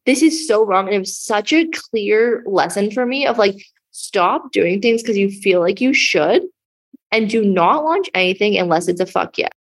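A woman's voice: medium pitch, lively intonation, normal speed, husky. A young woman hosting her own podcast, talking in a bubbly, effusive, casual way with lots of "like" as a business coach.

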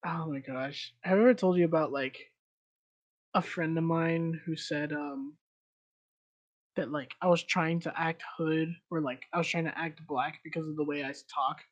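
A man's voice: on the high side, fairly even intonation, moderate pace, highs cut off. Rambling young man with a faint Hispanic accent. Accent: slight Hispanic. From United States. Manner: rambling, laughs often, many likes and ums. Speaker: podcast co-host. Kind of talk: casual chat.

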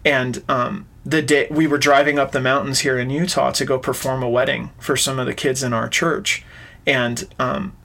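A man's voice: medium pitch, flat delivery, moderate pace, creaky, sharp tone. A man, an interview guest, earnestly recounting a personal story in conversation. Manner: earnest, retells events with quoted dialogue.

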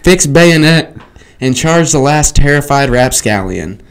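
A man reading aloud in a put-on accent as a pompous colonial-era gentleman defending his home with old weapons. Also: on the high side, lively intonation, measured pace, clean tone, pitched above the performer's own voice. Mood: gleeful bluster. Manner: theatrical put-on accent, gleeful.

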